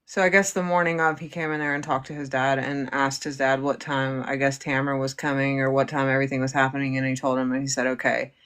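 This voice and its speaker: A woman hosting a livestream, calmly paraphrasing and explaining what her guest says. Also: extremely low pitch, quick pace, few pauses, smooth. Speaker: livestream host. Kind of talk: relaying and explaining a guest's words.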